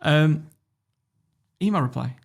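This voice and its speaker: A man from Warrington with a northern English accent, telling stories as a podcast guest in a casual, animated way, swearing freely. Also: on the high side, slow pace, vocal fry. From Warrington, England. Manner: animated storyteller, swears freely, laughs often. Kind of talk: casual interview storytelling.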